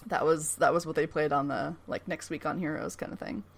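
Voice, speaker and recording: A woman's voice: low voice, fairly even intonation, a little fast, vocal fry. A woman casually recapping a TV episode as a podcast host, laughing often, swearing, and acting out quotes.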